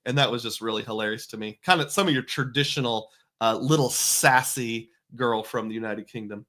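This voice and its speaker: A middle-aged man with a bright, forceful voice talks over a slideshow of family trip photos. He keeps it folksy and loose, with casual asides and quick self-corrections, at an everyday pitch that sits right in the middle. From United States. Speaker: family travel vlogger.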